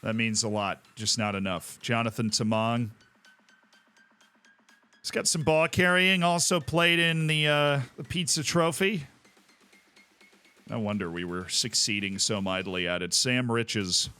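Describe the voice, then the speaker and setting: A man's voice: mid-range voice, a little slow, pauses often, sharp tone, clear, resonant tone, soft background music. Wry, chatty male streamer. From Tampa, Florida. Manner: wry, chatty, talks to chat. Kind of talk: casual game commentary.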